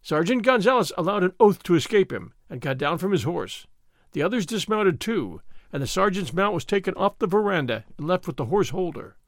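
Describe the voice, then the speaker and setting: Man, audiobook narration, steady storytelling, lively melodic voice, dry sound. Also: high-pitched, a little fast, no echo.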